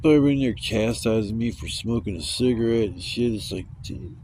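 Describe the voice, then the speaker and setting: A man's voice: fairly low pitch, fast talker, hardly any pauses, warm tone, slight background noise, low-quality recording. A man telling rambling, profane stories in a casual vlog. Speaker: vlogger. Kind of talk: casual storytelling.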